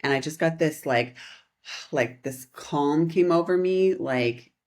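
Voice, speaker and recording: In a relaxed podcast chat, a thirty-something female co-host rambles through a lively story, laughing often. She speaks slowly, with a voice that sits low.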